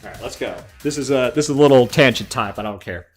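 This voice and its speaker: A man's voice: medium pitch, quick pace, soft background music. A man from Chicago hosting a casual gaming livestream, swearing freely and drifting into tangents. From Chicago, American Midwest. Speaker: livestream host.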